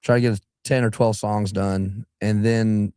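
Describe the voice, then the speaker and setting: A rambling young Southern-raised singer, dry mic. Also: male voice, lowish voice, steady tone, unhurried, mellow, clean tone, no room sound. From southeastern Alabama. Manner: rambling, restarts, breaks into voices. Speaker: singer and guest. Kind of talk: casual radio interview chat.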